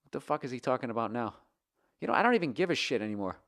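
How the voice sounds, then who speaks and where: A man's voice: medium pitch, very animated, racing, a bit bright. A man doing a comedy podcast rant, reading an email aloud and tearing into it with sarcastic, profane outbursts. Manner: profane, sarcastic, fired-up ranting.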